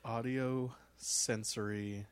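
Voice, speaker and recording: A man co-hosting a gaming podcast in casual chat, soft-spoken and hesitant, often trailing off. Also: mid-range voice, fairly even intonation, takes it slowly, smooth. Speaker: podcast co-host.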